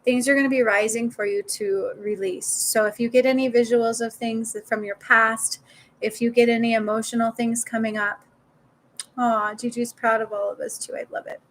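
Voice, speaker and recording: A woman's voice: a little high, level tone, moderate pace, low-quality recording. A woman talking casually to viewers in a live stream as a spiritual healer, swearing now and then and repeating words for emphasis.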